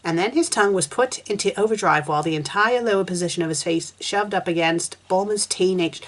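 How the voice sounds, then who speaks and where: A woman's voice: lowish voice, fairly quick, few pauses. A woman reviewer reading fan fiction aloud, breaking in with sarcastic, exasperated comments.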